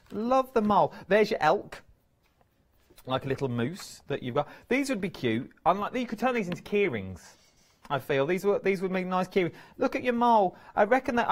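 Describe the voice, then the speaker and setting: A man presenting crafts on a live TV shopping channel, chatty and playful. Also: fairly high pitch. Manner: chatty, playful, lively banter. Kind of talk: live TV sales chat. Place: TV studio.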